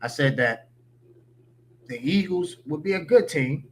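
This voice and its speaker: A man's voice: on the high side, lively intonation, unhurried, slight background noise. A man giving opinionated, slangy sports talk as a podcast guest.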